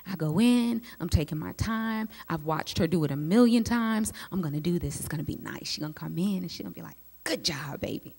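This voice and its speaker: A woman, a psychologist giving a teaching talk to a group of women, telling lively personal stories and speaking straight to her listeners. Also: on the low side, fairly quick, gravelly, hardly any pauses. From United States. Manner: lively storyteller who speaks straight to the audience. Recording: long hall reverb.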